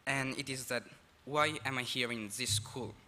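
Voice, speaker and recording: A teenage exchange student from Italy with an Italian accent, giving a halting, apologetic speech at a school assembly. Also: male voice, medium pitch, fairly even intonation, pushed and bright. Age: teens. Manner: nervous, halting, apologetic with laughs. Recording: reverberant hall, faint ambience.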